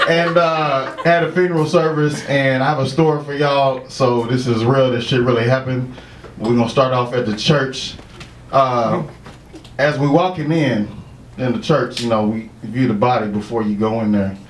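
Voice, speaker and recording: A man's voice: mid-range voice, fairly even intonation, normal speed. A man doing stand-up, telling a story full of swearing and laughing at his own jokes. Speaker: stand-up comedian. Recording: echoey room with crowd noise.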